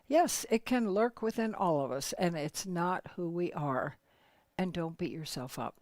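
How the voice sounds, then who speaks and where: A woman's voice: fairly low pitch, no echo. A woman leading a workshop, earnestly telling a story to teach a lesson. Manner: earnest, animated retelling.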